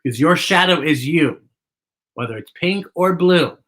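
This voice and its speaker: A woman's voice: low-pitched, expressive, moderate pace. A woman hosting a children's story time, reading a picture book aloud and talking directly to young viewers at home.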